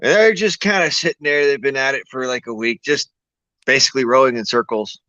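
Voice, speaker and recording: A man on a casual voice chat, telling long crude jokes with drawn-out buildup and loud laughs. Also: medium pitch, dry recording, highs cut off. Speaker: panel participant.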